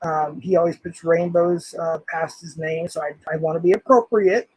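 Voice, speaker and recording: Older guy ranting on a live stream, swearing a lot, kinda high husky voice, dry close mic. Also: fairly even intonation, moderate pace, a little mellow, dry recording, rough recording. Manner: angry, swearing, reading comments aloud. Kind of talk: casual live-stream commentary.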